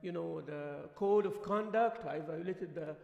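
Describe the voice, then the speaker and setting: A man's voice: fairly high pitch, unhurried, creaky, darkish tone, dull audio. A man with an Arabic accent teaching a religious lesson in a mosque, mixing English and Arabic and often asking his listeners questions. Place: mosque hall. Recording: echoey hall livestream.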